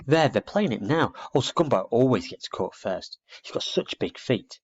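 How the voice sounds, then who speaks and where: A man's voice: medium pitch, animated, voice pushed up. A man voicing a cheerful, confident young boy scout in a storybook reading. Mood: enthusiastic. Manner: brisk, confident. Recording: dull lo-fi recording.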